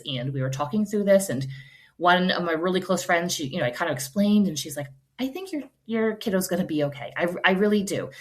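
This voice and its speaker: A woman in her forties talks to the listener in an earnest, reassuring way, sounding like a mom who has been through it. Her voice sits slightly low for a woman. She chats casually, with fillers like "you know" and "like". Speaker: homeschool podcast host. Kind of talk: casual advice talk.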